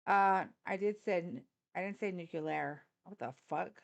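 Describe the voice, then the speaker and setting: A woman's voice: medium pitch, normal speed. A woman hosting a casual political live stream indoors, talking bluntly and mocking viewers with plenty of swearing. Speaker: political livestream host. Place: indoors, a hot room. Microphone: live stream on a phone.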